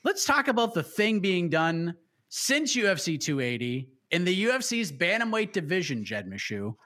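A man's voice: high voice, big pitch swings, normal speed, pushed and bright. A man hosting a panel show, putting questions to guests in a playful quizmaster way. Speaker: host. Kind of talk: game-style panel hosting.

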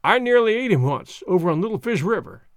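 A man doing a slow, drawling Klondike musher. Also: high-pitched, very animated, no room sound, clean studio sound. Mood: plain-spoken. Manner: slow drawling folksy speech. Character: rough male Klondike dog musher, slow, blunt.

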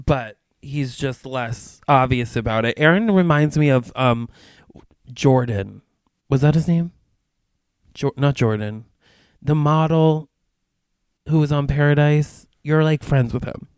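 A man's voice: mid-range voice, unhurried, pauses often, smooth, dry recording. A man co-hosting a reality-TV recap podcast, leading the segments in casual chat full of fillers. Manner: chatty, leads the segments, lots of "like". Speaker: podcast co-host.

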